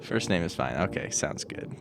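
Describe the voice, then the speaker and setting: A man's voice: deep voice, animated, normal speed, soft background music. A man chatting casually with viewers on a live stream, rambling and self-deprecating. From United States.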